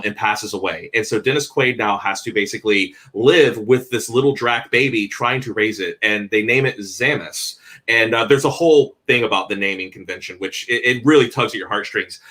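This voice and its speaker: A man's voice: on the low side, sharp tone. A man leading a casual panel chat, telling stories with passion and animation.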